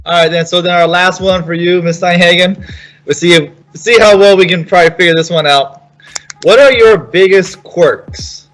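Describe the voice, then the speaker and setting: Guy hosting a school quiz, a bit high voiced, upbeat, quiet music under. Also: steady tone, moderate pace, poor audio. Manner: upbeat, reads questions to contestants. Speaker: quiz host.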